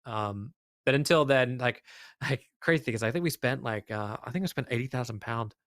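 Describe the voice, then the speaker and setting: This Australian esports caster, a guest in a relaxed interview chat, is animated and loose, with plenty of fillers in his mid-range voice. He's emphatic and quick to imitate the people in his stories, and the recording is dry and close to the mic.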